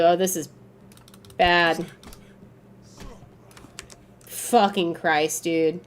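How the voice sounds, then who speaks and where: A young woman livestreaming a game, talking in a loose, casual way to her chat. She swears freely and mutters her thoughts as she plays. When things go wrong she jumps into loud, exasperated outbursts before settling back down. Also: lowish voice, a little slow, long pauses. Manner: casual and chatty, swears, flares up loudly when frustrated. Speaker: streamer. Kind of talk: live gameplay commentary.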